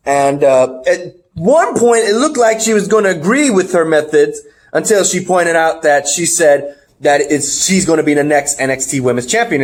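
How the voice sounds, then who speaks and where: Hosting a casual wrestling review podcast, a man with a fairly high voice speaks a little slowly. He's animated, laughs often, and acts out what people said.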